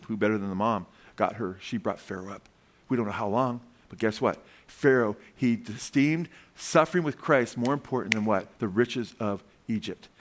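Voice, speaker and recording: A male pastor preaching a sermon, telling stories with quick asides and chuckles. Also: mid-range voice.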